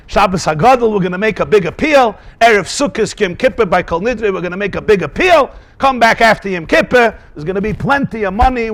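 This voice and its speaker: Male rabbi, Talmud class lecture; high, very lively delivery with rhetorical questions. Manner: animated, asks rhetorical questions, mixes in Yiddish and Hebrew terms.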